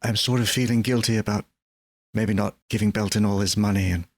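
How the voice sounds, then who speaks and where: A man's voice: lowish voice, fairly even intonation, fairly quick, no echo, studio quality. A man playing a tabletop role-playing game, chatting in a playful, casual way. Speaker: player.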